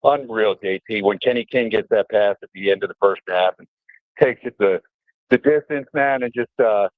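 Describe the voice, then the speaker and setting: Middle-aged radio guest, chatty storyteller, dry and phone-thin. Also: male voice, on the low side, normal speed, dry recording. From New Jersey. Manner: animated storyteller, fillers, mimics voices. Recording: tinny phone-line audio.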